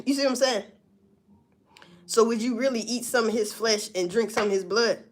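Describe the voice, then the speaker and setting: A woman's voice: fairly high pitch, normal speed, pauses often. A woman, musing in a casual, profane monologue full of rhetorical questions. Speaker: vlogger.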